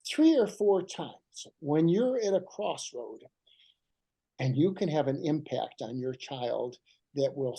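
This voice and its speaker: Older male guest with a mellow voice and a lively delivery, telling heartfelt stories. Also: a little high, slightly rough, low-quality recording. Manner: animated and emotional, slows down for emphasis. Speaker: guest writer. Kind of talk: heartfelt storytelling.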